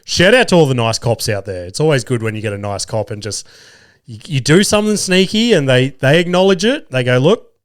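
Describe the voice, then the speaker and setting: A young man spins a swear-heavy story on his podcast, jumping into mock voices of the people he met. His voice sits at an ordinary middle pitch and comes through smooth and clear. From Australia. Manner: profane, animated, mocking impressions of others. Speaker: podcast host. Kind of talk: casual storytelling monologue.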